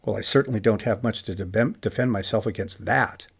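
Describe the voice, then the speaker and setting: A remorseful, self-accusing Pharisee played by a man mutters his confession in a low, subdued voice, well below a speaking tone. The voice is gravelly and heavy with brooding. It is a dramatized inner monologue within a lecture. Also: fairly quick.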